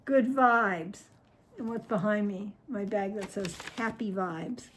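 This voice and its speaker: A woman vlogger opening fan mail on camera, gushing and excitable, chatting to her viewers and her cat and trailing off mid-sentence. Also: mid-range voice, slow, slight background noise. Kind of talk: casual chat to camera.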